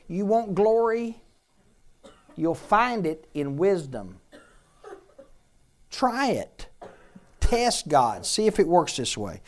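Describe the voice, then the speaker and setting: A man preaching a sermon to a congregation, exhorting loudly at times and dropping to quiet asides. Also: high voice, very animated, slow, pauses often. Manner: emphatic, swings from loud exhortation to quiet asides.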